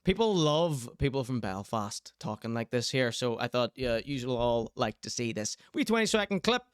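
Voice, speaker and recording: A man's voice: medium pitch, very animated, normal speed, clean tone, dry recording, studio quality. A man hosting a show, commenting on clips casually and enthusiastically, often repeating himself. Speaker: show host.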